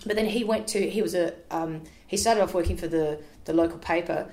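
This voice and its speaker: An Australian woman with a slightly low voice recounts family stories in a loose, animated way. She laughs often and jumps into voices for the people in her tales. The sound carries a roomy echo. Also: brisk. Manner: animated, laughing storyteller who acts out quotes. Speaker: podcast guest. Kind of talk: casual storytelling chat.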